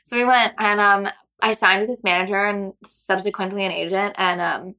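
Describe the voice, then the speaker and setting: A woman's voice: medium pitch, fairly even intonation, normal speed, bright, forceful tone. A young woman from Seattle telling a story as a guest in a casual chat, rambling along with heavy filler words. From Seattle, United States.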